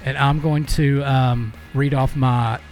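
A man's voice: medium pitch, fairly even intonation, slow pace, a little mellow, faint music behind. Joking man co-hosting a sports podcast. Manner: joking, rambling, laughs often. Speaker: podcast co-host. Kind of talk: casual sports podcast chat.

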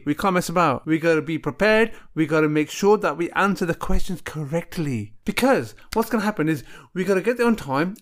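A man telling comic stories in a casual monologue, laughing at his own jokes and acting out little bits of dialogue. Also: high voice.

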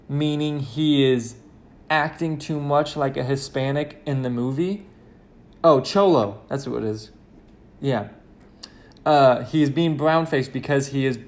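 A man's voice: medium pitch, darkish tone. A young man hosting a solo podcast, rambling and correcting himself, and getting worked up as he talks. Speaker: podcast host.

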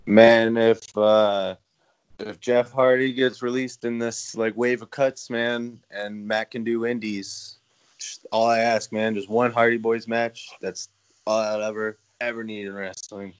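A man's voice: on the low side, level tone, a little slow, smooth, dry recording. A man chatting casually on a podcast in a laid-back way.

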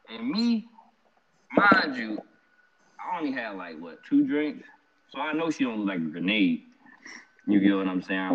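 A young man casually telling an animated, slangy story about a night out, laughing often. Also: lowish voice. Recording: dull lo-fi sound.

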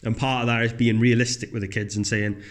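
A man rants in a casual, comedic chat, blunt, profane and animated. He talks at a quick pace, and his voice jumps high whenever he mocks others.

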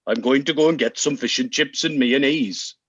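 A man putting on a Welsh accent as a man heading out for chips, hesitant and slow. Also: mid-range voice, a bit bright, husky, no echo, voice pushed down. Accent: put-on Welsh. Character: Welshman fetching fish and chips. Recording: dull lo-fi sound.

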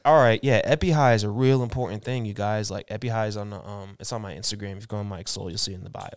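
A man's voice: on the low side, fast, no room sound, studio quality. A man in his twenties chatting casually on a podcast, telling stories in laid-back slang. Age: 20s. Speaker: guest, clothing and smoking brand founder.

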